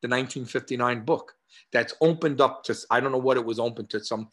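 A man in his sixties with a New York accent, a guest telling stories over a video call, animated and acting out dialogue between many "uh" fillers. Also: mid-range voice, quick pace. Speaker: guest, martial arts historian. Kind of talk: conversational storytelling.

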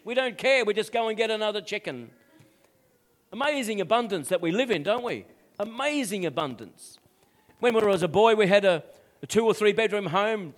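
Older pastor, high male voice, emphatic sermon delivery with call-and-response asides. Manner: emphatic preaching with frequent "amen?" asides.

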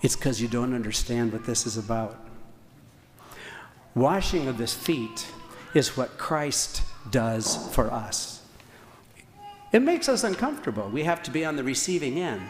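A priest preaching to his congregation in a large church, his voice carrying with a long, roomy reverb and a faint hum of ambience behind it. He speaks with earnest conviction, hammering home points through repetition, and sometimes trails into small fillers as he searches for a word. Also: medium pitch. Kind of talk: sermon.

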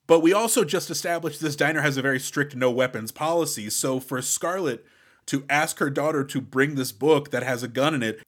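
A man's voice: medium pitch, brisk, fairly bright tone. A man co-hosting a movie review podcast, talking through scenes with enthusiasm. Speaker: podcast co-host. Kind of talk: casual movie review chat.

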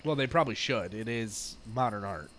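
A man's voice: lowish voice, lively intonation, fairly quick, a crowd in the background. A man co-hosting a podcast, rambling and joking in casual chat, laughing often. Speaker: podcast co-host.

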